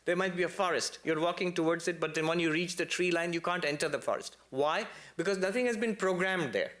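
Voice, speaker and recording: A little fast, a man lectures a temple congregation about spiritual matters. His storytelling is lively, dotted with playful asides and sudden emphatic peaks that climb high.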